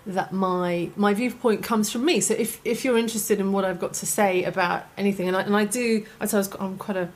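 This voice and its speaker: A middle-aged woman with a posh English accent, a stand-up comedian chatting as a guest in an animated, self-deprecating way, often restarting and laughing. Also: mid-range voice, brisk, hardly any pauses, poor audio. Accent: posh southern English. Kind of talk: casual chat.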